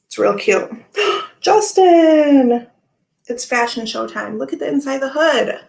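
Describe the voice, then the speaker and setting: A woman's voice: fairly high pitch, brisk, gravelly, reverberant. A woman hosting a casual tarot livestream, chatting and reading viewer comments aloud in a giggly, rambling way full of "like" and "okay, anyway.".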